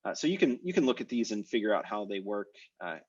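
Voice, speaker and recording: A man's voice: lowish voice, big pitch swings, quick pace, a little mellow, breathy edge, highs cut off. A man teaching a live online language class over a video call, explaining step by step with many "uh"s and "um"s. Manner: explanatory, with frequent "uh" and "um".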